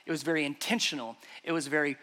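A man's voice: fairly high pitch, steady tone, quick pace, bright, forceful tone. A man preaching a sermon to a congregation in an emphatic, conversational way. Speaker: pastor. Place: church service before a congregation.

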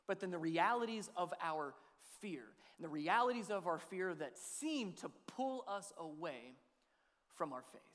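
Man, pastor, sermon, conversational, questioning listeners, high voice, long hall reverb. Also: fairly bright tone. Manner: conversational, asks the audience questions.

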